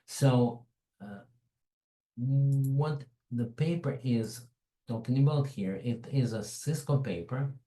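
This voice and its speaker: Mellow-voiced man with a foreign accent, lecturing. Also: mid-range voice, slow, echoey room, rough recording. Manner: digressive, chatty asides while explaining. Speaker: webinar presenter. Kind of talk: informal tech webinar talk.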